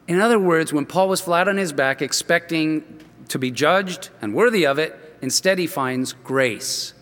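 A male preacher with a high, bright and sharp voice tells a story in an earnest, emphatic sermon. He often restarts his phrases. The sound rings with the long reverb of a large hall. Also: animated, a little slow.

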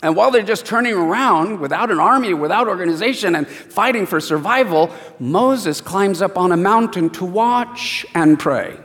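A man preaching a sermon and reading scripture, an animated storyteller who acts out the voices. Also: high voice, normal speed, few pauses, long reverb tail.

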